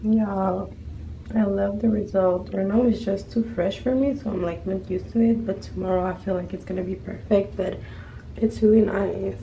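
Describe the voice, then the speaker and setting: A woman's voice: mid-range voice, fairly even intonation, moderate pace, creaky, muffled recording, slight background noise. A young woman chatting casually in her beauty vlog, rambling and often calling out to her viewers. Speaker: beauty vlogger.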